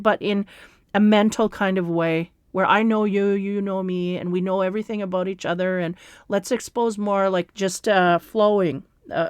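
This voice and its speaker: A woman giving a spiritual tarot reading in a slow, meandering, reassuring way, with fillers and soft laughs. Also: medium pitch, smooth, dry recording, clean studio sound. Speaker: tarot reader.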